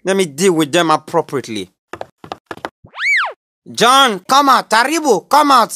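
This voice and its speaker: A woman's voice: medium pitch, very animated, a little slow, noisy background. A woman playing a strict schoolteacher who scolds her class, with a Nigerian accent. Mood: scolding. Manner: scolding, shouty. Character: strict shouting female schoolteacher. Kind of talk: comedy skit acting.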